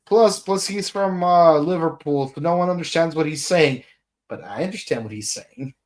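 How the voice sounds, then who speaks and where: A man's voice: fairly high pitch, normal speed. A man co-hosting a podcast in casual chat, rambling and joking with lots of restarts and fillers. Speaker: podcast co-host.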